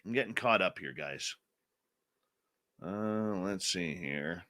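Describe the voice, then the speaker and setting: A man's voice: low voice, lively intonation, slow pace, pushed and bright, no echo. A man hosting a live radio show, chatting casually, enthusiastically greeting listeners from the chat. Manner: enthusiastic, reads chat names aloud, playful.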